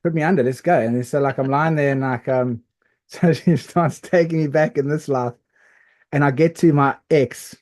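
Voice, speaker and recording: A man co-hosting a podcast, telling a story in a rambling, animated way with lots of fillers and restarts. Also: mid-range voice, measured pace, no room sound. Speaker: podcast co-host. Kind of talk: casual storytelling chat.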